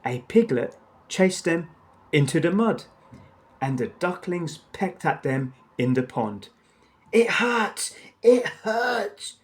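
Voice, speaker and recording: Man reading a kids storybook out loud, slow and measured. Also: fairly high pitch, expressive. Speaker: narrator. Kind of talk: children's storybook read-aloud.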